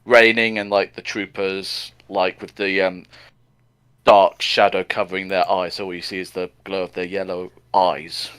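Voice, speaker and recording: A man with a lowish voice talks over comic panels in a relaxed way. He rambles, fills gaps with "like", and chuckles now and then. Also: normal speed, smooth. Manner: rambling, many "like" fillers, chuckles. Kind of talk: casual comic review chat.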